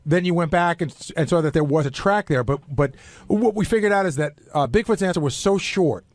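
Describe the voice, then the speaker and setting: Male radio staffer, brisk explainer, dry close sound. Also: on the high side, no room sound. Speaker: show staffer. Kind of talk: casual radio chat.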